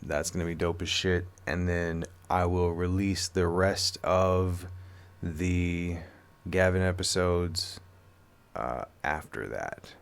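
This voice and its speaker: Host, deep male voice, laid-back outro delivery. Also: slow pace, creaky, smooth. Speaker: podcast host. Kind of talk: casual episode wrap-up.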